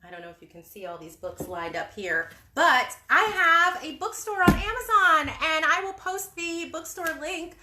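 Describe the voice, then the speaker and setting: A woman reading a picture book aloud to young children, animated and singsong, asking them questions as she goes. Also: very high voice, moderate pace, few pauses, slight background noise. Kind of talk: children's story time read-aloud. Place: indoor room with books. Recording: echoey room.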